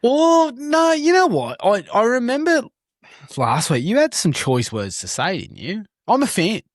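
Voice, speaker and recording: A man's voice: high-pitched, huge pitch swings, measured pace, no echo, clean studio sound. An Australian man co-hosting a sport podcast in casual chat, bantering with laughs and swearing. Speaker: podcast co-host.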